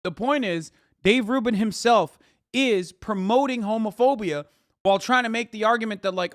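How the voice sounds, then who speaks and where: A man's voice: high-pitched, moderate pace, a bit bright, no echo, clean studio sound. Blunt, profane male streamer. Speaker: streamer reacting to a clip. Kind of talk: casual heated commentary.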